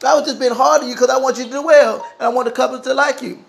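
Man doing a female boss, stern, caring, blunt, high gravelly voice. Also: steady tone, rapid-fire, soft background music. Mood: firm.

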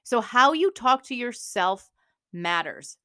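Energetic woman coaching on mindset. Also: a little high, slow, no echo, studio quality. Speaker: podcast host. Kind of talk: motivational podcast talk.

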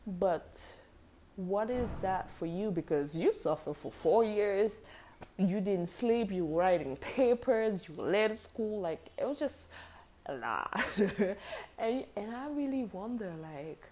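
A woman in her twenties casually telling a personal story, animated and slangy, acting out the dialogue. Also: medium pitch, slow.

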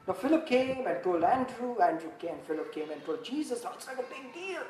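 A woman preaching a sermon from scripture, animated, repeating phrases and asking rhetorical questions, swinging from emphatic peaks down to hushed low passages. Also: a little fast. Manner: animated, rising to emphatic peaks, then dropping very low and quiet. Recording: echoey room with faint background noise.

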